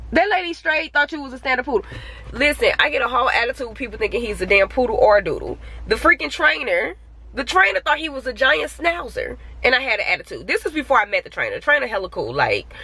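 A woman chatting casually to her vlog camera outdoors at a park while she walks her dog, ranting in slangy, animated talk. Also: fairly high pitch, slightly rough. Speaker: family vlogger.

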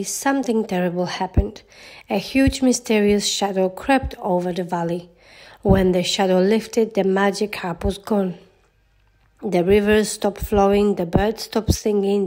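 A woman reading a children's fairy tale aloud in a gentle storytelling manner. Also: medium pitch. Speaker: storybook narrator.

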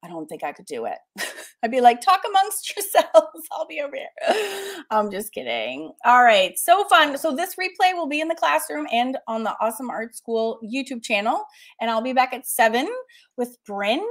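A woman's voice: on the high side, big pitch swings, normal speed. A woman in her forties from Massachusetts, an art teacher hosting a casual livestream, chatting, laughing often and reading out viewer comments.

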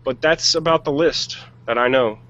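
A man's voice: medium pitch, normal speed, pushed and bright, lo-fi sound. A man co-hosting a podcast, chatting casually and giving blunt, jokey opinions on movies. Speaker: podcast co-host. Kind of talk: casual chat.

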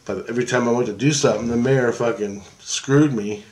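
A man's voice: medium pitch, brisk, a little mellow. A man casually telling about a dream in a rambling way, swearing and restarting his sentences often. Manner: rambling, profane, with many restarts.

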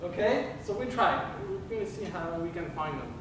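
A man coaching a violin masterclass, halting and restarting, counting rhythms aloud with sung syllables. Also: sits high, expressive, very noisy. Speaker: violin teacher. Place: music school classroom. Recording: echoey room from far off, violin playing.

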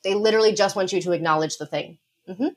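A woman's voice: medium pitch, darkish tone. Confident woman explaining dog behavior. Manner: confident, explanatory, quick asides with light laughs. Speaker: dog behavior consultant guest. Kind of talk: podcast interview, explaining.

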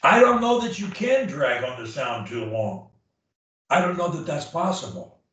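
A man's voice: on the high side, sing-song, moderate pace, fairly bright tone. A man coaching a client on her speech, blunt and emphatic, repeating key phrases to drive them home. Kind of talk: one-on-one coaching session. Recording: echoey room, far from the mic.

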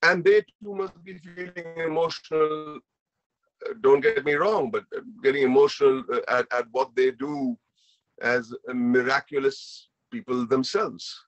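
Indian english man, guest speaker, earnest emotional storytelling, mid-pitched voice, dry close sound. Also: steady tone, measured pace, no echo, highs cut off. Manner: earnest and emotional, repeats himself. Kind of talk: personal storytelling at a panel.

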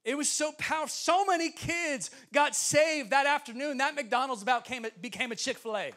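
High, bright-voiced male preacher. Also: normal speed. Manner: animated, laughing, acts out voices in his stories. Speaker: guest preacher. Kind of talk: sermon storytelling. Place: church sanctuary.

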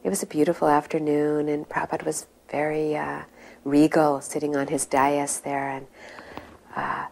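A middle-aged devotee remembers her spiritual teacher in a low, monotone, gravelly voice that's slightly mellow, delivered at normal speed. Though reverent, her telling grows more intense as it goes on.

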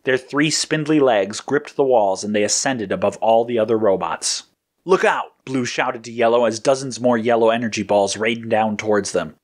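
A man narrating an adventure story in a steady, even reading voice. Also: medium pitch.

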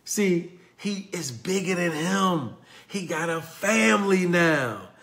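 A man with a Southern US accent giving a passionate motivational talk, retelling a story in a preachy way that swings from loud to hushed. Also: high-pitched, lively intonation, takes it slowly, creaky. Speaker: motivational speaker.

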